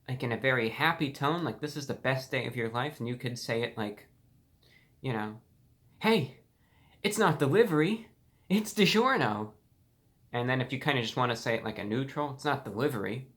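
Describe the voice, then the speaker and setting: A young man hosting a food review vlog, talking in an earnest deadpan way and hamming up catchphrases in different voices. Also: medium pitch. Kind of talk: deadpan comic vlog monologue.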